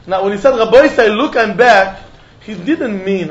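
Animated man teaching Talmud. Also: high voice, moderate pace. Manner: animated, acts out quotes, mixes in Yiddish and Hebrew terms. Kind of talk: Talmud lesson. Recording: dull lo-fi recording.

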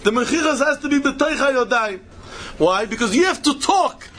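A man's voice: very high-pitched, lively intonation, moderate pace, a bit bright, breathy edge. A man giving a Talmud lecture, emphatic and repetitive, chuckling as he explains. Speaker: Talmud teacher.

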